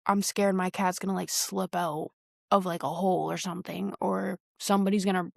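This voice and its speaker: Slangy young woman with a gravelly edge. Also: fairly low pitch, steady tone, fairly quick, no echo, studio quality. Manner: rambling, slangy, heavy use of "like". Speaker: podcast host. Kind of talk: casual solo podcast chat.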